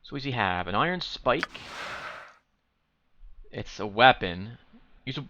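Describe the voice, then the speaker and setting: An animated let's play host, a man with a bright, clear mid-pitched voice, reads game dialogue and narration aloud during casual gameplay commentary, tossing in quick asides. His home mic sounds slightly dull and muffled, with a faint hiss.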